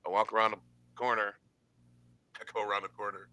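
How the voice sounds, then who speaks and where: A man telling a long personal story in casual chat, animated and acting out the quotes with laughs. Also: fairly low pitch, fast, pauses often, no room sound.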